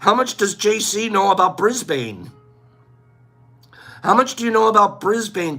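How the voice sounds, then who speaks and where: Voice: medium pitch, animated, a little slow, vocal fry, pauses often, sharp tone, faint music behind. A livestream host in casual chat, playful and teasing, calling out chatters by name.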